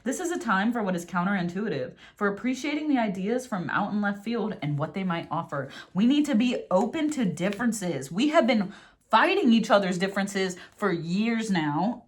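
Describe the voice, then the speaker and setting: A young woman talks through a tarot reading in a loose, casual way. She works herself up into excited, cursing rants about coming together, then softens to read affirmations from her cards in a calm, slow voice. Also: medium pitch. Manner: animated, swears freely, gets worked up then reads affirmations softly. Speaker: tarot reader.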